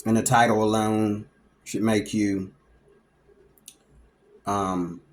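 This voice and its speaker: A man vlogging in a casual storytelling monologue, lively and acting out the people he talks about. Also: lowish voice, slow. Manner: animated, acts out the people he describes.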